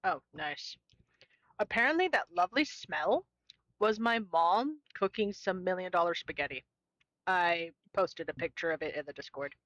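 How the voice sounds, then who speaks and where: A woman's voice: fairly low pitch, animated, normal speed, fairly bright tone, dry recording, muffled recording. A young woman streamer chatting casually while she plays a cozy game with a friend. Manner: chatty, playful, talks to a co-host and chat. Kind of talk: casual gameplay commentary.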